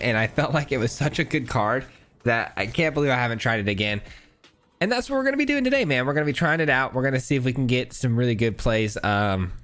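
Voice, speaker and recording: A man's voice: medium pitch, fairly bright tone. A male gaming host with a stuffy nose, giving casual, chatty commentary while he plays and thinks aloud. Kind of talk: gameplay commentary.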